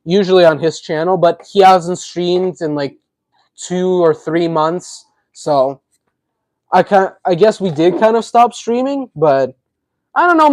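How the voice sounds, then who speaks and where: A man's voice: high voice, darkish tone, no room sound, low-quality recording. A man from Tennessee, hosting a livestream and chatting casually with viewers as he answers their messages. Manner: chatty, answers viewers' chat while building. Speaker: livestream host.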